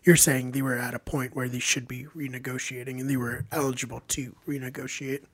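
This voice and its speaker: A man's voice: mid-range voice, little pitch movement, fairly quick. A man hosting a casual podcast, asking questions with hesitant ums and giving many short agreements. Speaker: podcast host.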